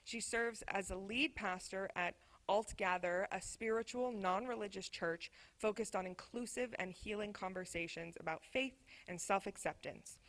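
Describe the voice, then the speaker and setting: A woman's voice: mid-range voice, moderate pace, hardly any pauses, a bit bright. A woman from France reading out a speaker's bio to introduce her, stumbling on a few words. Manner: reads a bio with small slips, self-correcting. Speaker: event host introducing a speaker.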